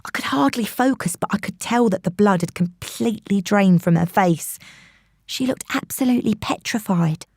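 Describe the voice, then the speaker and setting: A woman's voice: medium pitch, moderate pace, a little mellow, slightly rough, no echo, studio quality. A woman narrating an audiobook in a tense, suspenseful storytelling voice. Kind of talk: scripted narration.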